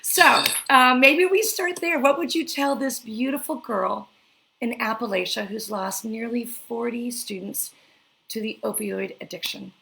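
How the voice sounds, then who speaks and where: Host, female, gushing and emotional, slightly high, gravelly edge. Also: unhurried, sharp tone, low-quality recording. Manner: effusive, emotional, reads a letter aloud. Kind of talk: live online interview.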